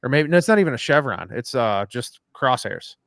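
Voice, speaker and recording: A man's voice: mid-range voice, big pitch swings, fairly quick, gravelly, dry recording, clean studio sound. A man co-hosting a live podcast, chatting loosely and rambling, swearing casually. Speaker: podcast co-host. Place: at home after dinner.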